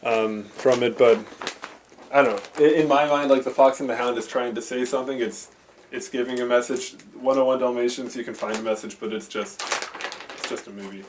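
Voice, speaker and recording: A man's voice: mid-range voice, steady tone, brisk. Man, casual vlog, rambling, lots of ums, bedroom, faint tape hiss. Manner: rambling, filler-heavy, self-interrupting. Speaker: VHS movie vlogger. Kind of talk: casual rambling movie talk. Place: his bedroom. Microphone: handheld camcorder mic.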